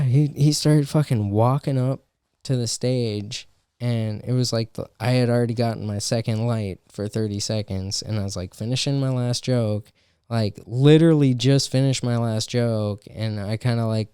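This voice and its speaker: A man's voice: medium pitch, warm tone, smooth, no echo, studio quality. A young adult man telling a story in casual podcast chat, swearing often and full of fillers. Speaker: podcast co-host and stand-up comedian.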